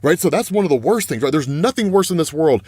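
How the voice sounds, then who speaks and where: A young man with a fairly high, bouncy voice that swings widely in pitch, recapping a comic story with open excitement and a habit of tossing in "right?". The sound is dry and close, with no room around it. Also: quick pace, husky, no echo. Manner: excitable, keeps saying "right?".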